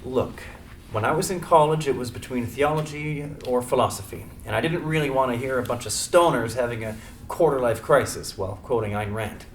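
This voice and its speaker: A man's voice: medium pitch, fairly quick, a little hiss or hum, close to an everyday voice. A man playing a young suspect, defensive and informal, in a screenplay reading.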